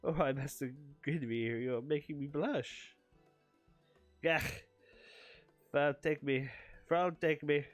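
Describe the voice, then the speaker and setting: A man voicing a flamboyant, fawning male noble patron in a video game, with a lofty, drawn-out manner. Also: fairly high pitch, fairly even intonation, soft background music. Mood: pleading.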